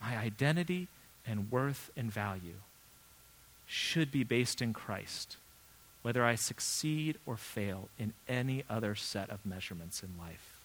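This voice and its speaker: Bright-voiced man preaching earnestly. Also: lowish voice, animated. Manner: earnest, conversational preaching with emphatic pauses. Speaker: pastor. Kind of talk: sermon.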